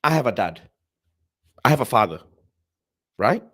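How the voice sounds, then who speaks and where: A young man hosting a casual football live stream, talking passionately and swinging between loud rants and low, muttered asides while reading viewer messages. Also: very animated, normal speed, slightly rough. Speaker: football livestream host.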